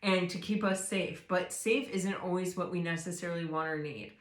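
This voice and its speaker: Lowish voiced woman doing a chatty tarot reading, soft and rambly, lots of ums, echoey room. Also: moderate pace. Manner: rambling, many fillers and restarts. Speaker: tarot reader. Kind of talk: casual spiritual chat. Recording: roomy echo.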